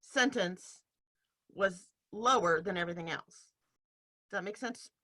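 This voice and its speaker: A woman's voice: on the low side, measured pace, pushed and bright. A woman teaching an online workshop over a video call, explaining with demonstrations and easy laughs. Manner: explanatory, demonstrates speech patterns, laughs easily. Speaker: workshop leader. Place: home room in front of a bed sheet.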